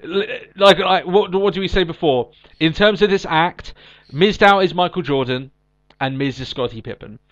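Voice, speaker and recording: A man's voice: on the high side, moderate pace, fairly bright tone. Chatty man with dull lo-fi audio. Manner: chatty, recaps with many ums and restarts. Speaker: podcast co-host. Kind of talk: casual chat.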